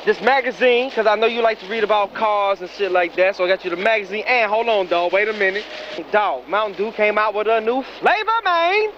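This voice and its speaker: A man's voice: high-pitched, highs cut off, slight background noise. A young man talking in a rambling, slangy comic monologue to a dead friend, laughing between lines. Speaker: comedic monologue performer.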